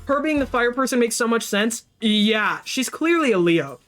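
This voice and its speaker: Excitable woman streamer freaking out to chat, flustered and giggly. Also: fairly high pitch, fairly quick, soft background music. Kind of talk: live game stream commentary.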